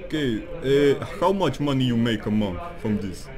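A man's voice: medium pitch, expressive, moderate pace, darkish tone. A man voicing a boastful male Russian hacker who taunts a scammer in broken English through a voice changer. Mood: interrogating.

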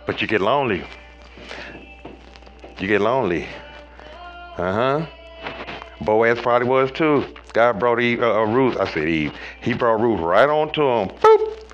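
A man giving a preachy tarot reading in a slangy, profane way, talking straight to viewers and swinging between loud highs and low murmurs. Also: expressive, a little slow, long pauses, muffled recording, faint music behind. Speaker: tarot reader.

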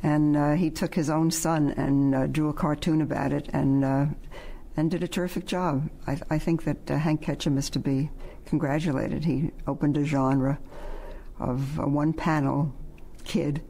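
A man's voice: a little high, level tone, normal speed, vocal fry, mellow. A man in a documentary interview, explaining in a reflective way why comics matter to readers.

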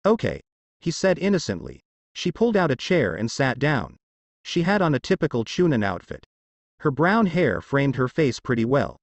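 A man narrating a fanfiction story in an expressive storytelling manner. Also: mid-range voice, no echo, highs cut off.

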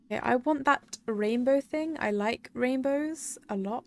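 A woman's voice: sits high, unhurried, hardly any pauses, slight background noise. A young woman chatting casually on a live game stream, rambling and giggling as she talks to her viewers. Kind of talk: casual live-stream chat while gaming.

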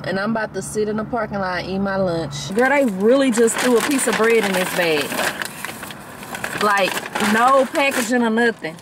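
A woman's voice: medium pitch, normal speed, noisy background. A woman with a Southern country accent chatting bluntly and jokingly in a casual vlog from a parked car, eating while she talks. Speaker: vlogger.

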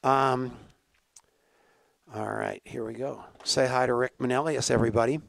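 A man's voice: mid-range voice, fairly even intonation, normal speed, vocal fry, a bit bright, no room sound. A man hosting a talk show, joking, laughing often and telling stories in casual banter. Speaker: show host.

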